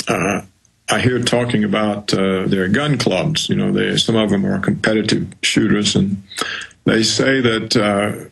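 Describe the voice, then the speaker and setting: A man speaking as a guest over a video call, slow and measured, with long hesitant pauses. His voice is husky and gravelly and sits fairly low. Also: fairly bright tone, rough recording. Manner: measured and hesitant, pausing on fillers. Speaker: interview guest.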